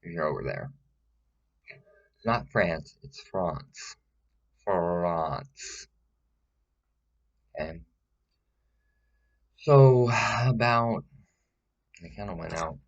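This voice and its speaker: A self-styled witch woman, played by a man, holds forth in a deadpan comedic monologue, rambling and confidently wrong. The voice sits very low and unhurried. Fillers and hesitations break up the talk, and she keeps pressing listeners with a pointed "okay?". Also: gravelly, muffled recording, heavily acted. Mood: self-assured. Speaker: witch giving a tutorial.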